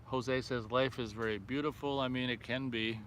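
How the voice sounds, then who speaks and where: A man's voice: mid-range voice, fairly even intonation, moderate pace, fairly bright tone, a little hiss or hum. A man hosting a casual live stream outdoors by a fire at night, reading viewer comments aloud and reacting offhandedly. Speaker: livestream host reading chat.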